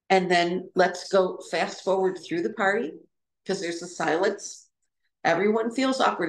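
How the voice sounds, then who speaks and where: A middle-aged woman giving an informal, reflective talk about personal experience, pausing and restarting as she searches for words. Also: mid-range voice, gravelly, echoey room. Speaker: trauma recovery speaker.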